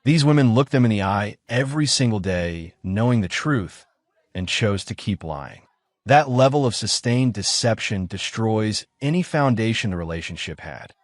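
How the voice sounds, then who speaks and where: A man's voice: on the low side, lively intonation, moderate pace, dry recording, studio quality. A man narrating commentary over clips in a blunt, judgmental tone.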